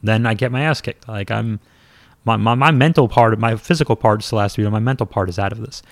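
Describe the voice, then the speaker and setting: A man, a former pro wrestler, telling a story in a casual, lively and self-mocking way, with some swearing. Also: lowish voice, brisk, no echo.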